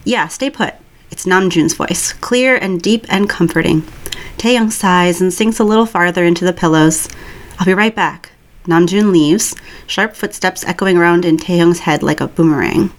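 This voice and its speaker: A woman's voice: lowish voice, moderate pace. Woman reading a story aloud. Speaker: reader. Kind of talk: reading fan fiction aloud.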